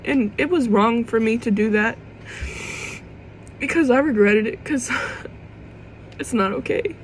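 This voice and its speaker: A woman's voice: on the high side, takes it slowly, slight background noise, low-quality recording. A young woman vlogging to camera in an emotional personal monologue. She rambles and restarts, swears casually, and fights back tears.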